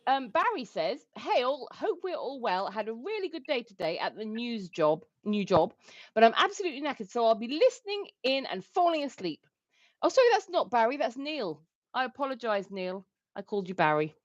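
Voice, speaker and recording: A woman's voice: fairly high pitch, sing-song, brisk, dry recording, highs cut off. A woman co-hosting a livestream, chatting casually and reading out viewer comments. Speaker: livestream co-host.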